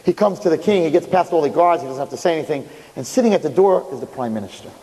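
A man telling a story in an animated, emphatic way. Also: a little high, quick pace. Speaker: speaker. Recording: echoey hall.

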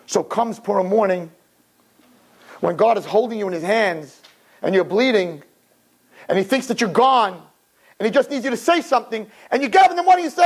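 A man giving an impassioned sermon to girls, swinging from low murmurs to high shouts and acting out dialogue. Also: lively intonation, fairly quick, slightly rough, low-quality recording. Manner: acts out dialogue in character voices. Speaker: religious teacher.

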